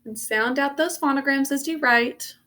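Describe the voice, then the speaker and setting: A woman's voice: sits high, normal speed, pushed and bright. A young woman, a teacher recording a spelling lesson for her students, patiently sounding out phonograms step by step.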